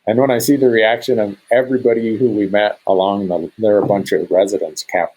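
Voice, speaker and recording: A middle-aged man from Montana, a hunter guesting on a podcast, telling a story in an animated way and acting out what others said. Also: lowish voice, a little fast, breathy edge, poor audio. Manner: animated, acts out quoted speech in a raised voice.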